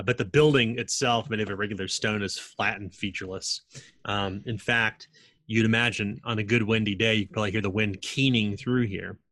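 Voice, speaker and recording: A man narrates as game master of a tabletop game. His voice sits a little low, and it is recorded dry and close. He builds each scene slowly, with plenty of ums and restarts. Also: sharp tone, no room sound. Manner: descriptive, halting with many fillers.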